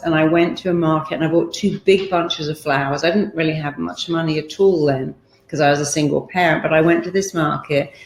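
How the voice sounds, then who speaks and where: A woman's voice: sits low, slight background noise. A middle-aged woman giving an emphatic motivational talk, acting out quoted voices as she coaches. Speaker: therapist and motivational speaker. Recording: roomy echo.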